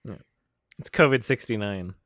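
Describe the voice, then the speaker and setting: Excitable bright-voiced man gaming. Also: fairly low pitch, moderate pace, no echo, clean studio sound. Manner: excitable, swears often, yelps at hits. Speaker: streamer playing a co-op game. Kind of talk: casual gaming chat.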